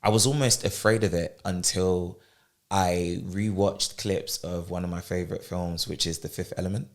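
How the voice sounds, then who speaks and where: A young man from England, a guest actor, chatting in a relaxed, storytelling way. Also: low-pitched, moderate pace. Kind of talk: casual interview chat.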